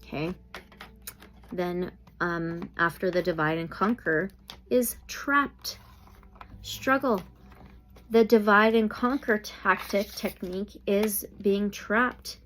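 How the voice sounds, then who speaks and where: A woman's voice: medium pitch, takes it slowly, long pauses, a bit bright, a little hiss or hum. A woman doing a tarot reading, thinking aloud and often exclaiming. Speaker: tarot reader.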